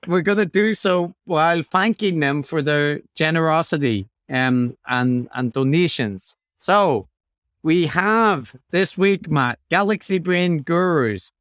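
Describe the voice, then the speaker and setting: A male podcast host reads listener reviews aloud in a relaxed chat, slipping in wry jokes. His voice sits a little high for a man and comes through smooth and clear. The sound is close and dry, with no room around it. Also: no echo. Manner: wry, joking, quick asides.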